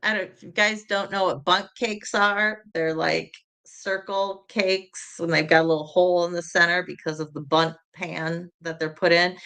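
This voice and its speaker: A middle-aged woman hosts a casual online gathering, talking in a loose, rambling way and calling out to people by name. Her voice is bright and forceful, sitting a little low in pitch. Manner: chatty and rambling, reading viewers' names aloud. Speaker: host of an online community call. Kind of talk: casual chat.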